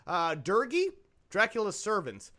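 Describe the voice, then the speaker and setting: A man's voice: high-pitched, sing-song, unhurried, bright, forceful tone. A man hosting a podcast, giving snarky movie commentary and laughing often. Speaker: podcast host.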